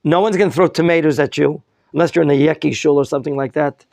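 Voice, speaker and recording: A man teaching a Torah class with a somewhat high voice and a gravelly, fry-laced texture. He questions his students and corrects their reading as he goes. The sound is close and dry. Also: fast, dry recording. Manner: lively teacher, quizzing students, mixing in Hebrew terms. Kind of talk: classroom Bible lesson.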